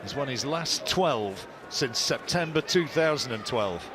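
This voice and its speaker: Brief: male fight caller, measured play-by-play, busy crowd noise behind. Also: mid-range voice, expressive. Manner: measured play-by-play, rising on big shots. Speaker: boxing commentator. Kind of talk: live fight commentary. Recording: commentary mix with loud arena noise.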